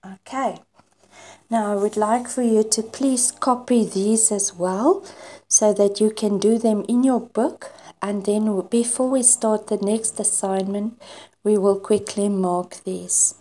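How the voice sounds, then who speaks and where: Slow, patient South African woman teacher. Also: mid-range voice, fairly even intonation, dark tone. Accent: South African English. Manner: slow, patient explaining with example sentences. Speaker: English teacher. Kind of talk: online grammar lesson.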